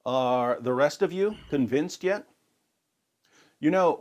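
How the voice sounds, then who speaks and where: A man narrating a scripted video, making his argument in a measured, methodical way. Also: mid-range voice, a little mellow.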